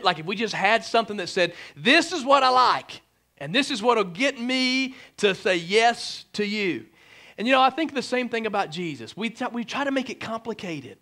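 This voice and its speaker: A man preaching a humorous sermon as pastor, joking with the congregation and using lots of "like" and "right?". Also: sits high. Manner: joking, animated, fillers like "like" and "right?". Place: church sanctuary.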